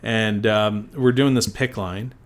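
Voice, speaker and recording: A man's voice: fairly low pitch, steady tone, takes it slowly. A middle-aged man, a doctor, co-hosting a podcast and telling stories in casual chat, swearing often and acting out what people said. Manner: swearing storyteller, acts out quotes. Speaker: podcast co-host.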